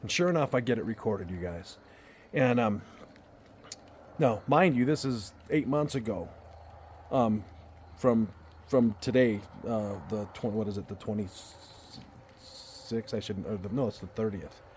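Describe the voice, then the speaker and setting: A man's voice: fairly low pitch, unhurried, darkish tone, a little hiss or hum. A man telling a personal story in a casual, earnest way, rambling and often repeating and restarting his words. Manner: earnest and heartfelt. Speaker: storyteller vlogger. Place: outdoors in a backyard at night.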